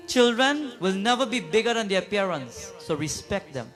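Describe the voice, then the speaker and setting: High-voiced pundit preaching. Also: male voice, big pitch swings, moderate pace, few pauses, fairly bright tone, soft background music. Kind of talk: sermon with storytelling and sung chants. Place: temple prayer gathering.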